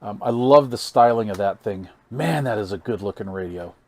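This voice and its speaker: A man's voice: fairly low pitch, animated, moderate pace, a little mellow. A man hosting a casual hands-on radio gear demo, folksy and amazed, thinking aloud while he reads meters and counts into the mic. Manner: counts into the mic during test calls. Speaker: radio hobbyist channel host.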